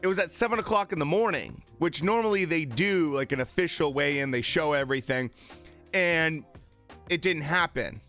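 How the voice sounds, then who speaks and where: A man's voice: on the high side, normal speed, bright, forceful tone, faint music behind. A man chatting casually on a live stream about boxing, with many fillers and retold quotes.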